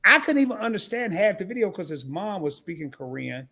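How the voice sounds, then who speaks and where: A man hosting a casual live stream, telling stories with animated energy and talking straight to his viewers. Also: sits high, fairly quick, creaky. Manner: animated storytelling, talks straight to the chat. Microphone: camera mic.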